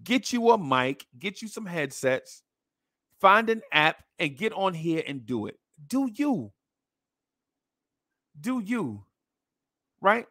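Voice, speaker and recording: A man's voice: high voice, big pitch swings, takes it slowly, long pauses, sharp tone, no echo, studio quality. A man hosting a podcast, delivering a blunt, mocking opinion rant full of slang. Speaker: podcast host.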